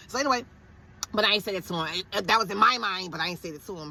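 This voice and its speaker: A woman in her thirties tells a story in a casual, profane way and acts out every line she quotes. Her voice is bright and a little tense. A faint hiss runs under the recording. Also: medium pitch, gravelly. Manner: animated, profane, quick to quote others.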